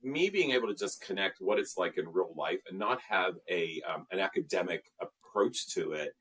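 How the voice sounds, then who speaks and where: A man's voice: low voice, animated, moderate pace, fairly bright tone, breathy edge. A man as an interview guest, talking about his work in an earnest, reflective way, with frequent fillers. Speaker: guest, emotional intelligence trainer. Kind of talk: interview conversation.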